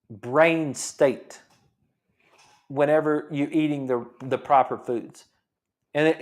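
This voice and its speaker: A middle-aged man hosts a health talk program and explains in a teaching manner. His voice sits a bit higher than most men's. He presses his points home with frequent restarts and repetitions. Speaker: chiropractor show host. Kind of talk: explanatory talk-show monologue.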